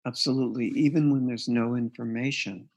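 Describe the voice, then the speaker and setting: A man with a husky, slightly breathy voice at a mid pitch tells a client's story in an interview. He speaks earnestly and acts out the lines from the session as he goes. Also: steady tone, a little fast, darkish tone. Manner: earnest, recounts a client case with quoted dialogue. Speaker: guest author and therapist.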